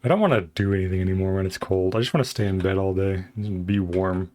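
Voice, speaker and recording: A man's voice: sits low, fast, darkish tone. A man livestreaming from home, chatting casually and playfully with his viewers and greeting them as they come in.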